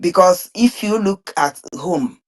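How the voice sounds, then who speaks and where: A woman's voice: lowish voice, expressive. A woman, speaking earnestly in an online group discussion, often stumbling and repeating words. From Nigeria (Biafran region). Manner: halting, repeats and restarts words; earnest, emphatic. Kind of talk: impassioned spoken commentary.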